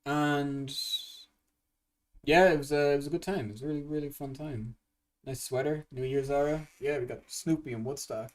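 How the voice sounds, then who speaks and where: A young man hosting a casual livestream as a game composer, rambling and excitable, swearing often and restarting his sentences. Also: on the high side, normal speed, distant mic.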